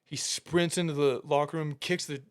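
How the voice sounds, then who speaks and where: A young man casually telling a story as a podcast co-host, animated and laughing through the punchlines as he acts out his coaches' lines. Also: a little high, normal speed, clear, resonant tone.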